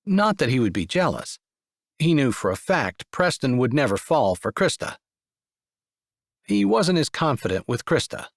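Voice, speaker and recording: A man reading a sweet romance audiobook aloud in an expressive narrating style. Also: mid-range voice, normal speed, creaky, no echo, clean studio sound. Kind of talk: scripted narration.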